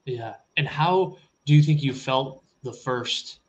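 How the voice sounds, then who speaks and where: A man's voice: mid-range voice, takes it slowly, lo-fi sound. A man hosting a podcast, asking short casual questions. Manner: relaxed, brief questions and agreeing interjections. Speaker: podcast host. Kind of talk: casual chat.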